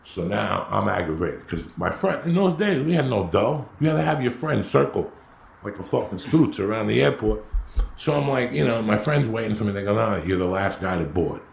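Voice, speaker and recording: Gravelly, brash man telling a profane story. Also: medium pitch, brisk. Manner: brash, animated, acts out quotes. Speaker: podcast storyteller. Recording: roomy echo with faint noise.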